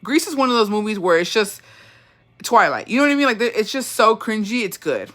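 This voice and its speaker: Host ranting casually, foul-mouthed and worked up, with a bright, sharp edge. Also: medium pitch, brisk. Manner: profane, animated, swears constantly. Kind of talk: casual rant.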